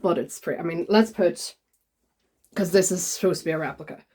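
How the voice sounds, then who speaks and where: A woman, chatting casually in a vlog and retelling a story with lively quoted voices. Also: fairly low pitch, a little fast. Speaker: vlogger.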